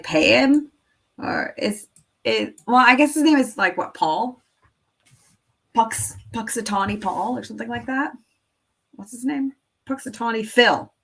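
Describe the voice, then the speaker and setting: A woman's voice: mid-range voice, expressive, slow pace, creaky, long pauses, fairly bright tone. A young woman making classroom activities, chatting casually to viewers and rambling as she thinks aloud, with filler words and the odd whisper. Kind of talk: casual work-with-me chat.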